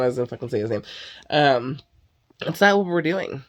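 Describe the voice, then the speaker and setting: A woman's voice: a bass voice, animated, a little fast. Swearing, exasperated woman venting. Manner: heavy swearing, exasperated ranting; sighs and filler "like" often. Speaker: vlogger. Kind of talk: casual venting monologue.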